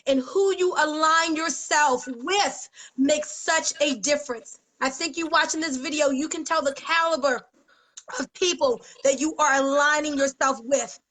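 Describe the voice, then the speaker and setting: An American woman giving a fervent, preacher-like motivational pitch to her business team on a live video, emotional at times. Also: measured pace, a bit bright, rough recording. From United States. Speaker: network marketing leader.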